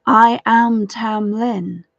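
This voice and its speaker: Woman doing a gallant young fairy-captive man, slow, gravelly, courtly storybook hero, dull dry recording. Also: fairly high pitch, dry recording. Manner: gallant and flattering. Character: young mortal man held by fairies, charming and courtly.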